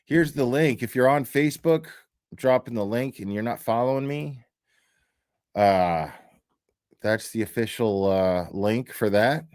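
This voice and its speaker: New dude hosting a livestream, slow loose talk, lots of ums, middle pitch. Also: male voice, a little mellow. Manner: loose and rambling, many fillers and laughs. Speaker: livestream host. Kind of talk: casual livestream chat.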